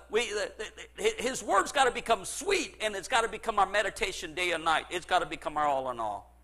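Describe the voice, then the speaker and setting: A middle-aged male pastor preaching a sermon emphatically, repeating phrases and swinging from loud to hushed. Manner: emphatic preaching with sweeping pitch swings, repetition. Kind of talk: evangelical sermon.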